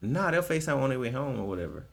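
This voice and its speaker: Gravelly-voiced man in lively podcast banter. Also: medium pitch, rapid-fire. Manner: animated storytelling, acts out quoted voices. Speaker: podcast co-host. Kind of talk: casual comedic chat.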